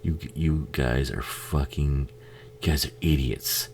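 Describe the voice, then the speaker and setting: A man with an extremely deep, gravelly voice talks slowly and darkly over a movie he's watching as a film commentary host. He swears freely, laughs and cracks crude jokes back at the screen, while a faint hum sits under the recording.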